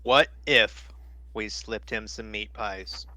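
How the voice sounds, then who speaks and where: A man's voice: on the low side, slow, pushed and bright. A man playing a tabletop game, chatting in a goofy, joking way. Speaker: player. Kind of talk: casual tabletop game banter.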